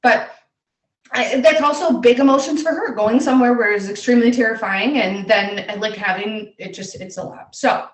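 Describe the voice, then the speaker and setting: A woman's voice: on the high side, moderate pace, roomy sound, far from the mic. A woman in her thirties co-hosting a casual podcast, a mother talking bluntly and swearing freely as she retells her day with animation. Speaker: podcast co-host. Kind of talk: casual chat.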